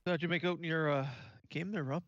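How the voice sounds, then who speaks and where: A man's voice: a little high, fairly even intonation, brisk, dry recording, muffled recording. A man in casual chat during a co-op game stream, easygoing and chiming in with short remarks. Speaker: co-op gaming streamer. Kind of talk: casual chat while gaming.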